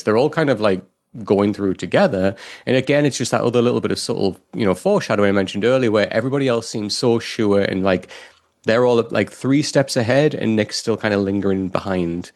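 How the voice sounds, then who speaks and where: Chatty low-voiced man. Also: fast. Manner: chatty, lots of "you know" and "like" fillers. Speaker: podcast co-host. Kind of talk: casual chat about a TV show.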